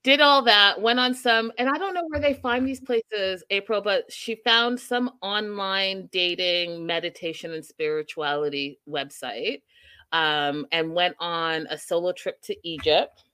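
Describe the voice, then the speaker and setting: Woman, podcast co-host, casual storytelling, bright tone, dry close mic. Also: medium pitch, clear, resonant tone, dry recording. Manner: animated storytelling, quick asides to live chat. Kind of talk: casual chat.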